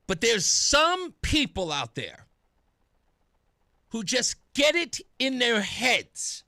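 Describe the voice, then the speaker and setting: A man's voice: extremely high pitch, very animated, takes it slowly, sharp tone, no room sound. A young man hosting a talk radio show, delivering an emphatic, sarcastic opinion monologue into a studio microphone. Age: young adult.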